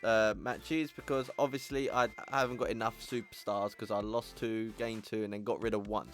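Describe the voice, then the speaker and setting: A man hosting a gaming channel, chatting through game results in a playful put-on accent and exclaiming at surprises while calling viewers ladies and gentlemen. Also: medium pitch, dry recording. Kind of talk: casual gameplay commentary.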